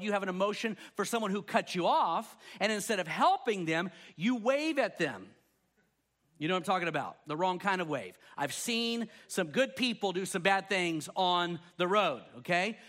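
A pastor with a fairly high voice delivers a sermon. He tells scripture stories with animation and acts out the voices of the people in them.

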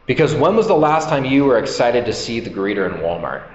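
Pastor preaching in an echoey church hall. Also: male voice, medium pitch, very animated, brisk, a little mellow. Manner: conversational, acts out quoted voices. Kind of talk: sermon. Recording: echoey hall, slightly dull sound.

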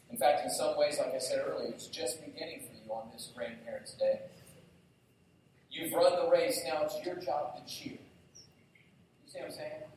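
A man's voice: fairly high pitch, a little hiss or hum. Male pastor preaching in an echoey hall. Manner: lively storytelling, addresses the congregation directly. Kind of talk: sermon. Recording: very echoey hall, distant mic.

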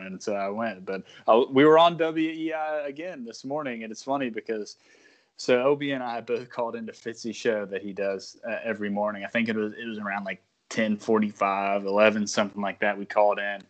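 A man's voice: fairly low pitch, fairly even intonation, a little fast. A man co-hosting a casual sports podcast, telling a rambling story and laughing at himself. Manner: rambling, self-deprecating, laughs often. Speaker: podcast co-host.

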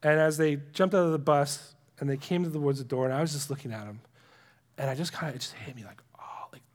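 Male pastor, high-pitched, conversational sermon delivery with hushed asides. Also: fast. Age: adult with young children. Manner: conversational and earnest, drops to a hush for emphasis.

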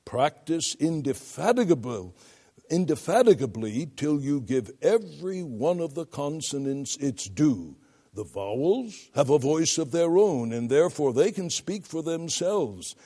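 Man lecturing with lively shifting pitch. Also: a little slow. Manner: reads quotations aloud, spells words out, shifts volume for emphasis. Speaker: preaching lecturer. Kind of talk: classroom lecture on preaching.

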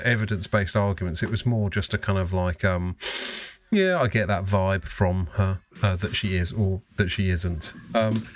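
A man co-hosting a casual podcast, rambling and joking, swearing freely. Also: lowish voice. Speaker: podcast co-host. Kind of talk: casual chat.

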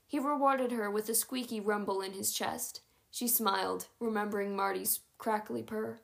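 A woman narrating a chapter book aloud in a steady, even read-aloud manner. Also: medium pitch, moderate pace, vocal fry. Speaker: audiobook narrator.

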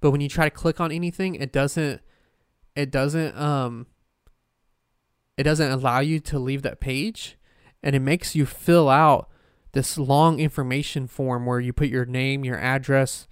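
Male podcast host, solo casual chat, rambling and profane, smooth voice, dry close mic. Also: mid-range voice, steady tone, unhurried, no echo. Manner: rambling, profane, frequent fillers and restarts.

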